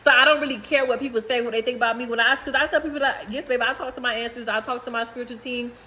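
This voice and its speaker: A woman's voice: fairly high pitch, fairly even intonation, racing, bright, forceful tone, low-quality recording. A woman in giving a rambling, emphatic spiritual message to viewers, swearing freely. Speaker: spiritual reader.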